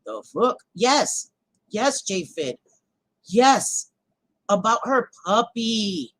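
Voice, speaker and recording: A woman hosting a livestream, ranting to her chat in a heated, profane casual way that swings between loud outbursts and quieter stretches. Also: mid-range voice, very animated, drawn-out words, poor audio. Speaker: livestream host.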